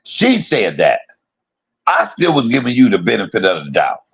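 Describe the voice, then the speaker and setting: Gravelly, husky man ranting on a stream. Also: fairly low pitch, wildly swooping pitch, normal speed. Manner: profane, confrontational, repeats himself. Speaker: live streamer. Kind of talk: heated livestream rant.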